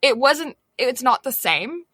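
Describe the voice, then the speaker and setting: A woman's voice: high voice, very animated, measured pace, sharp tone, no echo. A woman co-hosting a podcast, chatting casually and rambling with plenty of filler words. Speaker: podcast co-host. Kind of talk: casual chat.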